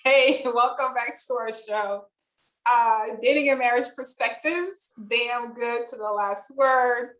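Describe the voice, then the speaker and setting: A woman hosting a relaxed podcast, pitched a little high and laughing often. Her voice carries the echo of the room. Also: slow pace. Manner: warm teasing, laughs often. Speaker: podcast host. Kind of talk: casual podcast chat.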